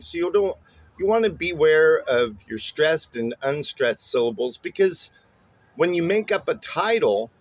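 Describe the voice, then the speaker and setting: In a casual spoken songwriting lesson, a man explains things loosely, packing his talk with "uh"s and tag questions like "right?". His voice is mid-range, and there's no room sound.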